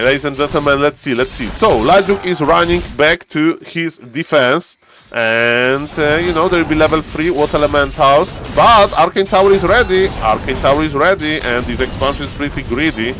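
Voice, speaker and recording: A man with a non-native English accent giving casual, joking live-stream commentary on a strategy game, getting loud and excited at key plays. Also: medium pitch. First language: not English. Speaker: game caster.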